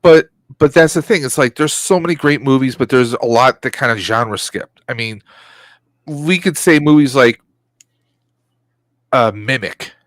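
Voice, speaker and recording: A male podcast co-host chats casually, joking and rambling with plenty of fillers. His voice sits at a middle pitch. The recording is dry and close, with no room echo. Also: a little slow, fairly bright tone.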